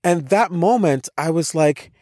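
A man's voice: a little high, animated, unhurried, mellow, dry recording, clean studio sound. A man with an American accent, a podcast co-host telling a personal story in casual conversation, emphatic, with many restarts and repeated words. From United States.

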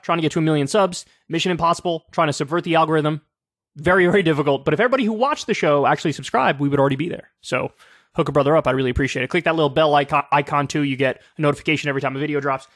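Male host, 30s, higher-pitched, sarcastic and casual, close dry mic. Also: fairly bright tone, dry recording. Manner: casual, profane, sarcastic, lots of fillers. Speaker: political commentary show host. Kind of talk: casual solo political commentary.

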